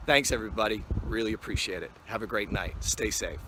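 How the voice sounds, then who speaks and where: A man in his fifties, a TV weather forecaster, giving a relaxed acceptance speech full of anecdotes, recorded on a phone on a selfie stick outdoors on a mountain. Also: on the low side, a little fast, background noise. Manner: relaxed storyteller with frequent "uh". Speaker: award honoree, TV weather forecaster.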